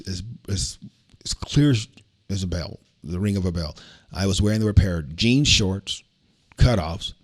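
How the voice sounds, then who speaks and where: Older man, low voice, earnest podcast host with a preacher's cadence. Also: a little mellow. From Alabama, USA. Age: 60s. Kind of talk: casual storytelling chat.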